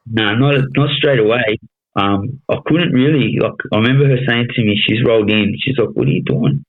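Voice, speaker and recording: A man's voice: on the low side, normal speed. A man in his thirties with an Australian accent, telling his story bluntly with constant swearing and "you know what I mean" as a podcast guest. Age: 30s. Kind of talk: casual storytelling interview. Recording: tinny phone-like sound.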